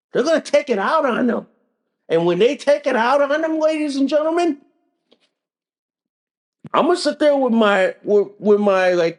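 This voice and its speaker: A man hosting a podcast, ranting in a slow, drawn-out way. His pitch rises and falls widely from line to line. He hammers the same points over and over. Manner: ranting, repetitive, drawn-out delivery. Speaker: podcast host. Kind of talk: opinion podcast rant.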